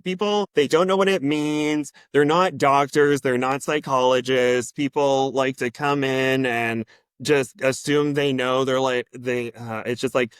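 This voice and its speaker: A man co-hosting a podcast, talking casually and rambling a bit with restarts. His voice is smooth and clear at a middle pitch. It is recorded close and dry. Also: fairly even intonation, a little slow, no echo. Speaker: podcast co-host.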